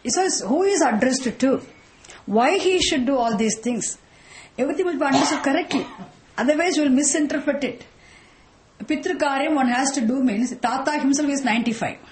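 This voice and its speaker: A woman, teaching a scripture class in a slow explanatory way, posing one rhetorical question after another. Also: high voice, low-quality recording. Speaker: Vedanta teacher.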